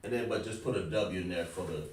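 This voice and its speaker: Man drilling pronunciation in an echoey room. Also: low-pitched. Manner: insistent, repeats sounds slowly, coaxing. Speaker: teacher. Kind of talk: pronunciation lesson. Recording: echoey room heard from a distance with faint noise.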